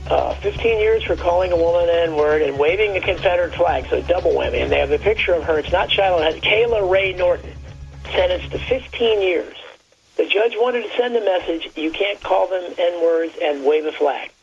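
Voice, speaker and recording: A man calling in by phone, talking in a halting, rambling way and reading aloud as he searches. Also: high-pitched, gravelly, soft background music. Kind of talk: casual phone conversation. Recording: muffled phone line with faint noise.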